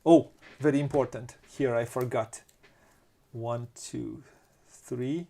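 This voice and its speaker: Slow, thinking-aloud Romanian-accented man. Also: medium pitch, steady tone, gravelly, warm tone. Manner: thinks aloud, counts pieces, many restarts. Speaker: board game channel host. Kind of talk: casual board game playthrough.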